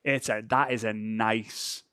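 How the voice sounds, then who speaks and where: A man's voice: on the low side, steady tone, slow pace, fairly bright tone. A European man running a live online social media training session, talking casually and often checking in with "right?". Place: home.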